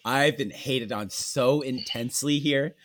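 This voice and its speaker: A Canadian man chatting casually as a podcast co-host, telling animated stories with swearing and acted-out voices. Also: medium pitch, measured pace, slight background noise. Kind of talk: casual chat.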